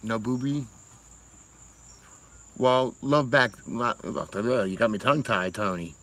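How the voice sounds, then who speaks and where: A man's voice: mid-range voice, takes it slowly, fairly bright tone, slight background noise, rough recording. A man from Massachusetts chatting casually on a livestream, rambling and swearing, often laughing. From Massachusetts, USA. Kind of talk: casual chat.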